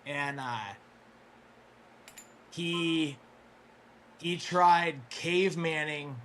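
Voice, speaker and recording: A man telling a long story in casual chat, rambling with fillers and restarts, clearing his throat as his voice wears out. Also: a little high, fairly even intonation, extremely slow, a bit bright, a little hiss or hum. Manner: rambling, full of fillers and restarts, swears freely. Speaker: guest storyteller.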